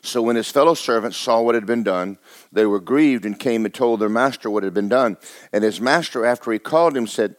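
Male pastor, mid pitch, conversational sermon with rhetorical questions, dry sound. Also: a little fast, no echo. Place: church sanctuary.

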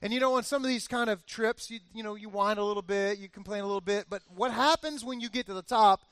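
High-voiced animated pastor man. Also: quick pace, smooth, no room sound. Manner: animated storyteller, acts out family cheers. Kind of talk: sermon with personal story. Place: church.

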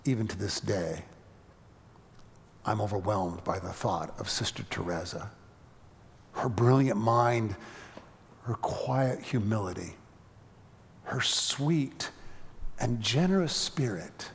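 Storytelling pastor in a reverberant hall. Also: male voice, fairly low pitch, slight background noise. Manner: storytelling, animated with halting restarts. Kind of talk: sermon.

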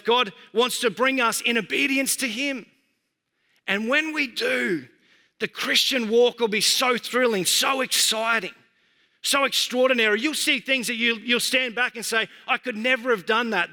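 A man in his thirties, a pastor, giving an earnest, conversational sermon and slowing down to stress key phrases. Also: sits high, sharp tone, in a large hall. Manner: earnest, conversational preaching with slowed emphatic phrases. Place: church.

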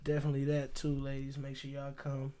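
A man's voice: mid-range voice, completely flat delivery, brisk, dark tone. A man co-hosting a casual podcast, joking around and laughing with friends. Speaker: podcast co-host.

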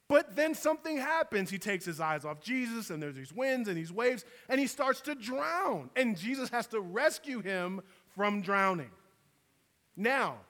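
High-voiced man preaching in an echoing hall. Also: a bit bright. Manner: casual storytelling preacher, conversational asides. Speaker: pastor. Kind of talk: sermon.

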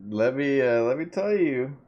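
A man's voice: mid-range voice, expressive, moderate pace, a little mellow, dull audio. A man co-hosting a podcast in casual chat, laid-back and teasing. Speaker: podcast co-host.

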